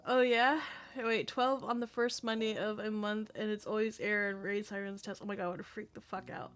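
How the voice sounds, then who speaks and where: A woman livestreamer chatting casually with her viewers, excitable and chatty, swearing often. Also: mid-range voice, normal speed, clear, resonant tone. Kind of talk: casual live-stream chat.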